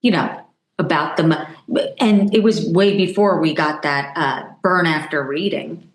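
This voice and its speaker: Middle-aged woman journalist guest, lively anecdotal delivery, lowish voice, roomy echo. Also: unhurried. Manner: animated storytelling, acts out quoted voices. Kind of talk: conversational podcast interview.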